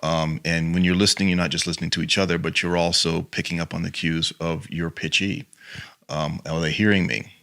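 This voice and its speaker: Deep-voiced man, rambling interview guest. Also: little pitch movement, brisk, creaky, bright, forceful tone. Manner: rambling, full of "you know" fillers. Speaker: guest, acting and improv teacher. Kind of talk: casual interview chat.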